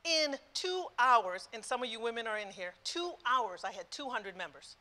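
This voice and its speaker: Bright, emphatic woman speaker in her sixties. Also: fairly high pitch, very animated, normal speed. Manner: emphatic, repetitive, switching between English and Spanish. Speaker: conference speaker. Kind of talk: passionate live talk. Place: conference room before an audience.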